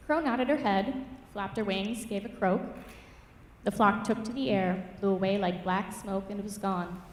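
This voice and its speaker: A woman reads a rhyming fable aloud in a lilting, expressive rhythm. Her voice carries through a church hall with long reverb, caught from a distance over a faint hum of room ambience. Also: medium pitch, a little slow. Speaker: writing mentor. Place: church hall at a public reading. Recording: echoey church hall from far off.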